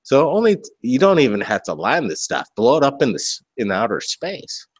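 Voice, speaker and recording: A man in a casual talk-show chat who explains things in an animated, rambling way. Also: medium pitch, moderate pace, breathy edge.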